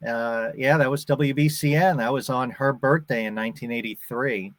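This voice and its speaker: A man's voice: mid-range voice, steady tone, moderate pace. A man in his fifties from the Boston area, with a faint Boston accent, chatting as a guest and acting out quoted voices in his stories. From Boston area, USA. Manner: storytelling, acts out quoted voices. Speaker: actor and guest. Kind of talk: casual interview chat.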